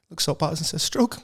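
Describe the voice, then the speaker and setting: A man co-hosting a podcast, swearing freely and telling crude jokes with a laugh. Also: medium pitch. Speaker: podcast co-host. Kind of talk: casual podcast banter.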